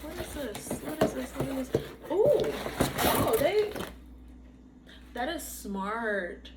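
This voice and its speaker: A woman's voice: sits high, a little slow, heavy background noise. A woman vlogging an unboxing at home, chatting casually to camera and exclaiming often. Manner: excitable, gushing, exclaims often. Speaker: podcast host doing an unboxing. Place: bedroom workstation at home.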